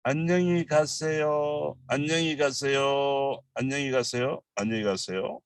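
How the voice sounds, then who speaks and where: A middle-aged man with a Korean accent, teaching a relaxed language lesson, explaining slowly in halting English with many fillers and repeating Korean phrases quickly. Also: medium pitch, clear, resonant tone, dry recording, poor audio.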